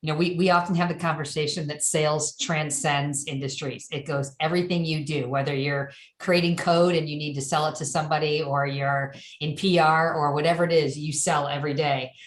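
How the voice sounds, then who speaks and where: A woman with a deep, low voice moderates a webinar over a video call. She speaks in a measured way and reads audience questions aloud. Her room gives the voice a noticeable echo. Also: fairly even intonation.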